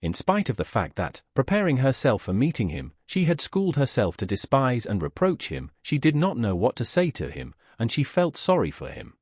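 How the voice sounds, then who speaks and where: A man narrating a classic novel as an audiobook in a measured storytelling manner. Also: mid-range voice, huge pitch swings, a little mellow, breathy edge, no echo, clean studio sound. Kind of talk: scripted narration.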